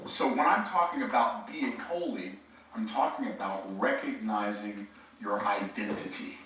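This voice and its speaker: A preacher gives a live teaching talk in a bright, forceful voice, chatting directly with his audience. The sound is very roomy. It is picked up from a distance. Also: fairly low pitch, moderate pace. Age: 60s. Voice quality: conversational, addresses the audience directly. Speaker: preacher and speaking coach.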